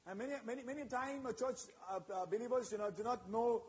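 Brief: male preacher with a very high-pitched voice, emphatic and repetitive, keeps checking in with the congregation. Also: fast talker, poor audio. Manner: preaching with call-and-response asides to the congregation. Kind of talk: sermon.

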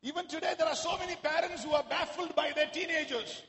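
A man preaching a sermon to a congregation in a church, at times raising his voice to a shout. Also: extremely high pitch, fast talker. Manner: rises to shouting exclamations. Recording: echoey hall.

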